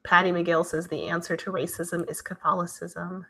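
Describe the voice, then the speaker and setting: During a relaxed live stream, a woman reads viewer comments aloud and chats back in response. Her voice is on the low side with a flat, even pitch, delivered at a moderate pace in a bright, forceful tone.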